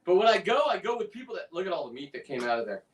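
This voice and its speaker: A man's voice: high-pitched, big pitch swings, racing, far from the mic. A man in casual chat, rambling and talking through a demonstration as he works. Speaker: guest on a fishing livestream, lobster preparer. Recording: away from the mic.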